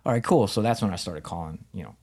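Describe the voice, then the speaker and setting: A Muay Thai fighter from the United States, guesting on a podcast, tells a story in a relaxed conversation with lots of animation. His voice is deep and husky and he talks fast, acting out the dialogue of people he quotes and swearing casually.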